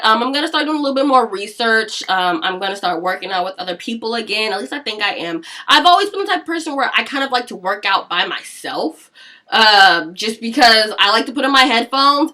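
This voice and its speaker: Bright-voiced woman, blunt and cursing. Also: on the high side. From Seattle area, US. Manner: blunt, heavy cursing, laughing asides. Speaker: vlogger. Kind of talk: casual vlog rant.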